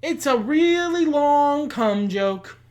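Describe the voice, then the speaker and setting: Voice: sits high, expressive, slow pace, a little mellow. A podcast co-host in casual chat, blunt and opinionated, swearing freely and often laughing. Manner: laughs often while talking.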